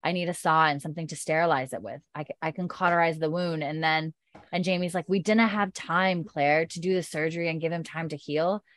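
A woman's voice: low-pitched, brisk, no room sound. Chatty woman with a dry close sound. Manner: animated, acts out characters' lines with swearing. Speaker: show recapper. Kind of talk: casual chat recapping a TV episode.

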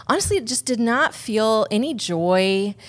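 A woman's voice: a little high, expressive, measured pace. A woman on a podcast telling a personal story in a casual, rambling way, with many restarts and asides. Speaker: podcast guest.

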